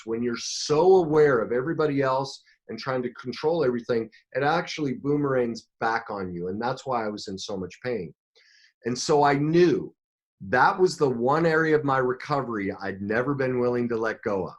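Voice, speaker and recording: A middle-aged man speaks as a podcast guest, recounting his life with rising emotion and frequent restarts. His voice sits at an ordinary middle pitch for a man, and he shifts between hushed reflection and animated bursts. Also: moderate pace, muffled recording. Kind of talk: storytelling interview talk.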